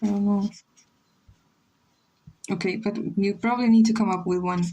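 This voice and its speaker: A woman's voice: medium pitch, fairly even intonation, moderate pace, dark tone, rough recording. A young woman streamer chatting casually while she draws, rambling and teasing and slipping into Spanish now and then. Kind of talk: casual livestream chat while drawing.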